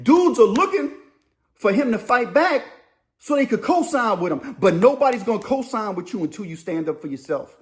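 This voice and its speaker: Animated man telling a story. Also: sits high, brisk. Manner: animated, acts out other inmates' voices. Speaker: storyteller host. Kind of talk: casual spoken storytelling.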